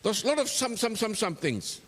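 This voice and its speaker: A man's voice: sits high, very animated, a little fast, long reverb tail. A man, a pastor telling a children's story in church and voicing its characters. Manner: gentle storytelling with voiced characters.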